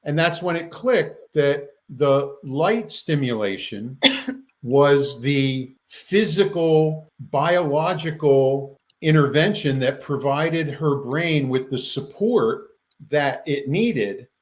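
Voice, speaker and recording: Male interview guest, higher voice, animated storyteller who acts out the quotes. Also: slow, rough recording. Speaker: guest researcher.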